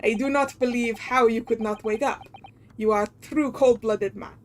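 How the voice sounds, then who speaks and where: A woman's voice: on the high side, fairly even intonation, slight background noise, close to an everyday voice. A woman voicing a menacing male sailor with a put-on Russian accent in a video game. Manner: heavy, deliberate, threatening.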